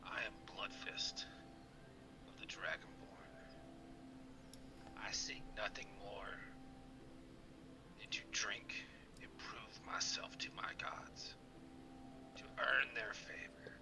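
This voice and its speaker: A man voicing a drunken, aloof male Dragonborn warrior in a low mutter. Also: takes it slowly, long pauses, in a whisper. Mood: surly.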